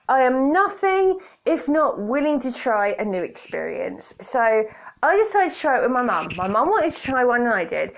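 On a borrowed hands-free kit headset, a British woman hosts her solo podcast in a chatty, teasing, self-deprecating way. Her voice is high-pitched and very animated, moving at a normal speed.

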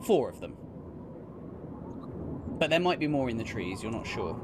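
A man narrating a tabletop game as game master, describing scenes in an unhurried, casual way. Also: medium pitch, sing-song, noisy background.

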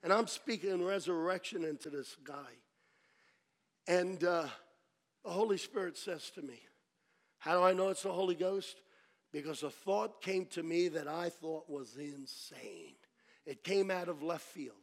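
A man preaching a sermon as pastor, telling a story dramatically, dropping to a hush and then rising to shouts. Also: fairly high pitch, a little slow.

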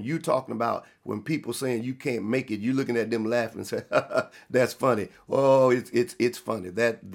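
A male pastor preaching a sermon, with sudden loud emphatic rises and slow drawn-out stresses. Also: medium pitch, vocal fry, husky.

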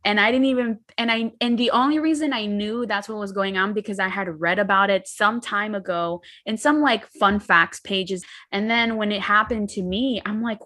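A woman's voice: medium pitch, normal speed, hardly any pauses, fairly bright tone. Candid rambling young woman. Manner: candid, rambling storytelling with swearing. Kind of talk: casual chat.

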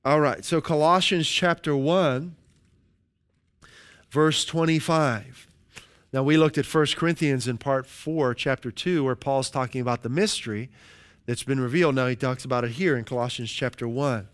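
A man preaching a sermon as pastor, leading his congregation through slow, emphatic call-and-response lines. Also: mid-range voice, smooth.

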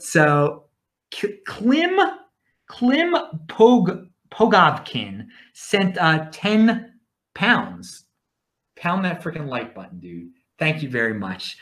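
A man's voice: on the high side, wildly swooping pitch, extremely slow, a bit bright. A man with a Baltimore accent, rambling through stories in a casual monologue to his stream viewers, often restarting his words. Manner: chatty, repeats and restarts words. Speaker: livestream host. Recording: echoey room.

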